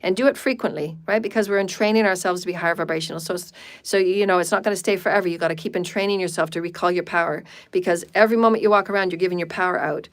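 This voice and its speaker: A woman's voice: on the low side, fairly even intonation, rapid-fire. Woman healer repeating phrases. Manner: repeats words and phrases in runs; speaks in chanted syllables. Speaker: spiritual healer. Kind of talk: guided healing meditation and live chat. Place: home livestream.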